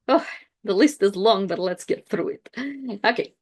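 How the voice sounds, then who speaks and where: A woman teaching pronunciation, saying each word twice slowly and clearly before explaining it in plain words. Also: medium pitch, darkish tone. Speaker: language teacher. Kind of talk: slow pronunciation lesson.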